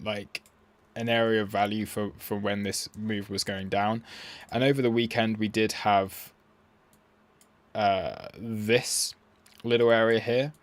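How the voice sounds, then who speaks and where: A man hosting a trading livestream, rambling and thinking out loud as he walks through charts in a casual, self-deprecating way. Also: on the low side, no room sound.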